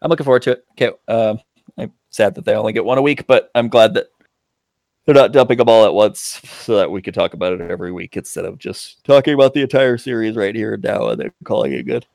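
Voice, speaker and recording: A man's voice: lowish voice, expressive, fast talker, vocal fry, darkish tone, no room sound, clean studio sound. A man co-hosting a podcast in casual chat, laid-back with dismissive asides. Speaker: podcast co-host.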